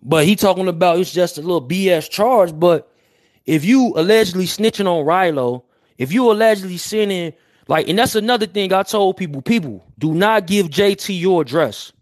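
A man doing heated casual livestream commentary, slangy and animated, firing off rhetorical questions. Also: high-pitched, normal speed.

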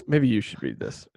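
A man hosting a casual podcast, a former youth pastor who rambles with many fillers, jokes at himself and reads scripture aloud on a cheap mic. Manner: rambling, self-deprecating, many fillers and laughs. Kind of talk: casual chat and scripture reading. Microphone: cheap budget mic.

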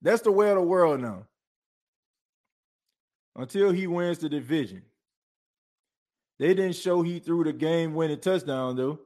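A podcast host in a fired-up sports talk rant, animated and preachy, calling his listeners folks. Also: on the high side, a little slow, pauses often.

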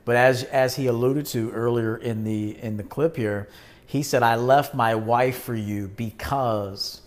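A man hosting a video show, talking briskly and conversationally as he gives blunt advice to men. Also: medium pitch, steady tone. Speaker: host. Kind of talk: casual video commentary.

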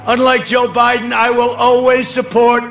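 Older man shouting a rally speech. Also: extremely high pitch, monotone, normal speed, vocal fry, over music. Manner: boastful, rambling, ad-libbing to the crowd, often shouting. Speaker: political speaker at a rally. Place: outdoor rally with a cheering crowd. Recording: speech over a faint crowd and noisy ambience.

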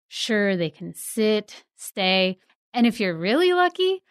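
A woman editor for a news site, explaining science stories in a clear, lightly humorous way. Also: mid-range voice, sing-song, slow, no echo, studio quality.

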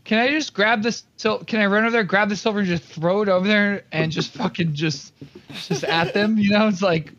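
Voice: medium pitch, fairly quick, a bit bright, lo-fi sound. A playful tabletop game player who laughs often and talks boldly in character. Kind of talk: tabletop role-play.

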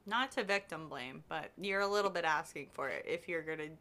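A woman's voice: deep voice, brisk. A woman co-host reacting with jokes and banter in a casual chat. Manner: animated, joking reactions. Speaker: podcast co-host.

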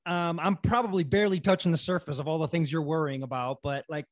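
A man hosting a casual interview, prompting his guest in a relaxed way. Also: on the high side, fast, no echo. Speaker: podcast host.

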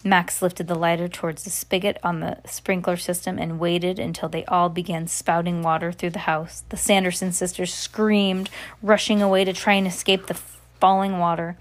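A woman reading a novel aloud, narrating at a steady pace with occasional slips and restarts. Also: on the low side, normal speed. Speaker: reader.

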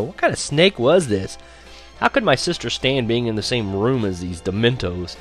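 Young man, lowish voice, wry storyteller, faint music underneath. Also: fairly quick. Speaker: audiobook narrator. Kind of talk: scripted first-person narration.

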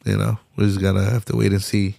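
Gravelly-voiced young man ranting casually. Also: lowish voice, fast talker, no room sound, clean studio sound. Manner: profane, animated street slang, frequent laughs. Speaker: podcast host. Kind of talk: casual solo commentary.

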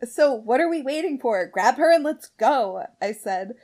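A young woman with a high voice narrates a fan fiction aloud for a comedic show. She reads quickly and keeps breaking off to laugh and comment on the story. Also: lively intonation, a little mellow.

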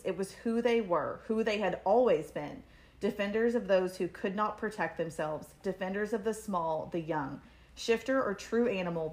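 A woman co-hosting a casual book podcast. She talks effusively with rambling restarts, is easily moved to tears, and reads passages aloud. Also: fairly low pitch. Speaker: podcast co-host.

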